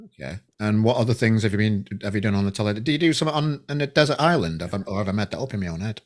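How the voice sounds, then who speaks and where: A man with a fairly low voice asks relaxed interview questions. He often restarts his sentences, and he laughs along with the guest's stories. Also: racing.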